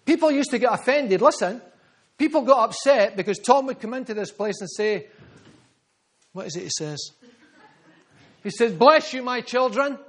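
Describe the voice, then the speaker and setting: A Scottish man preaching a sermon as pastor to his congregation, driving points home with repetition and dropping to quiet asides. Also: sits high, expressive, moderate pace, long pauses.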